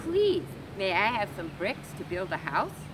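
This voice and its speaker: A woman voicing a small, polite male piglet in a storybook reading, with a squeaky, piping voice. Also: sing-song, unhurried, background noise.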